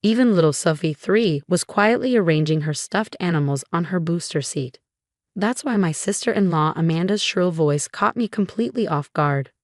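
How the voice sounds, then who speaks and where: A woman reading a scripted first-person story in a calm, steady way. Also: on the low side, normal speed, dry recording, clean studio sound. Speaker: narrator.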